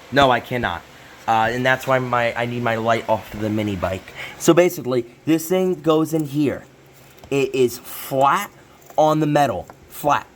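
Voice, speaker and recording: Young guy talking through an atv repair, rambly, keeps going off topic and saying sorry, bit of hiss behind him. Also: mid-range voice. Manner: rambling, self-interrupting, apologetic asides. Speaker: channel host. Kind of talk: casual repair vlog. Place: hot garage.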